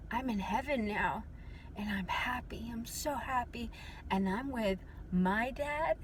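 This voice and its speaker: Earnest woman telling a faith story. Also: fairly high pitch. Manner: earnest, heartfelt storytelling with many fillers. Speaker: testimony speaker. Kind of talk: personal faith testimony. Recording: loud background noise.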